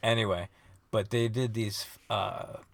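Laid-back low-voiced podcast co-host. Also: male voice, fairly even intonation, a little slow, vocal fry. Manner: laid-back, teasing, disagrees playfully. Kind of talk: casual chat.

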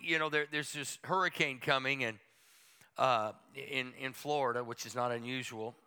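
A man's voice: a little high, bright, forceful tone, clear, resonant tone. A middle-aged man, a pastor, preaching a folksy and humorous sermon with playful asides to the congregation.

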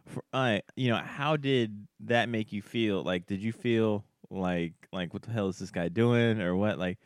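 A man co-hosting a laid-back podcast, reacting freely and pressing with curious follow-up questions. His voice sits on the low side and is recorded close on a dry mic. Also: measured pace, dry recording. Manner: easygoing, reacts with laughter and swearing, asks follow-up questions. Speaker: podcast co-host. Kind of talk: casual podcast chat.

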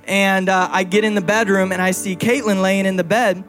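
A young male pastor preaches to his church in a relaxed, chatty way, telling personal stories and gently ribbing his wife. His voice sits high for a man. Faint music plays quietly underneath. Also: normal speed. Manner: conversational and playful, teasing his wife. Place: church before a congregation.

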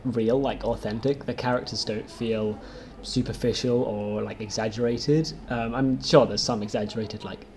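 A man's voice: medium pitch, steady tone, moderate pace, hardly any pauses, darkish tone. A young man actor in an interview, speaking offhandedly and hesitantly with dry humour. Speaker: lead actor. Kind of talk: casual interview.

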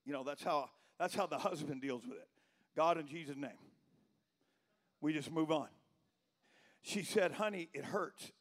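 A middle-aged man preaching a sermon as pastor, telling a story that builds into shouted preaching. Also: fairly high pitch, unhurried, long pauses.

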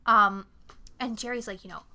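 A young woman co-hosting a podcast, recapping a movie in a casual, animated way with lots of swearing and acted-out quotes. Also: mid-range voice, normal speed. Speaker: podcast co-host.

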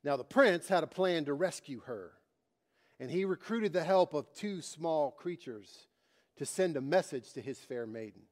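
A man's voice: on the high side, animated, unhurried, darkish tone. A man preaching a sermon, repeating his phrases with emphasis and telling a story to make his point. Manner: emphatic, repetitive preaching cadence.

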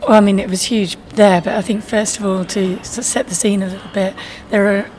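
Relaxed woman answering interview questions. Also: mid-range voice, noisy background. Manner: relaxed, measured, laughs easily. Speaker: guest, elite runner. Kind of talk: casual interview.

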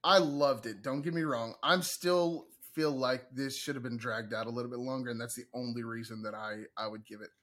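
Hesitant man with a bright voice. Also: mid-range voice, fairly even intonation. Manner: hesitant, halting. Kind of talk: casual chat.

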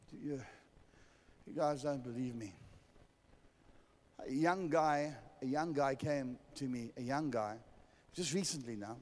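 Man, South African accent, pastor, sermon, forceful, repetitive, long hall echo. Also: a little high, lively intonation, unhurried, pauses often. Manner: forceful, repetitive, direct address to congregation. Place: church hall.

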